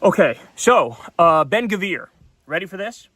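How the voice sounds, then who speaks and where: A man's voice: high voice, very animated, a little slow, a bit bright, dry recording. A man hosting a solo political commentary show, talking in a blunt, heated, profane way. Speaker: political talk show host.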